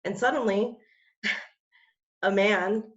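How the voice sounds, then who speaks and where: A woman's voice: medium pitch, very slow, fairly bright tone, lo-fi sound. A woman, a guest in an interview, sharing a personal testimony in a rambling way with many fillers and restarts.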